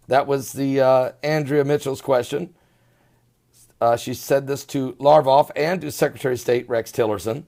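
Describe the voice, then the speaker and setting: A man's voice: mid-range voice, steady tone, unhurried, creaky, darkish tone. A man hosting his own news commentary show, talking in an emphatic, scornful way and stretching out words for effect. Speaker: host of an online commentary channel.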